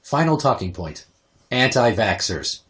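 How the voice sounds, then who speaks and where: A man's voice: mid-range voice, a little slow. A man in his thirties hosting a podcast, telling crude stories and acting out what people said. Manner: profane, animated storytelling, acts out quotes. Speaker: podcast host. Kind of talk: crude casual chat.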